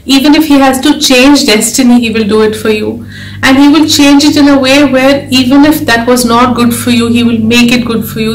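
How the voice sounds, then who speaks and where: A woman's voice: fairly high pitch, a little hiss or hum. A woman giving an earnest, emotional devotional talk, urging her listeners to keep faith. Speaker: devotional speaker and author. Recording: echoey room.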